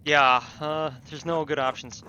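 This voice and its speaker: Guy streaming a game, swears a lot, bright lively voice, bit muffled w faint hiss. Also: a little high, a little slow. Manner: sweary, animated, laughing asides. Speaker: let's play streamer. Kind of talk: casual gameplay commentary.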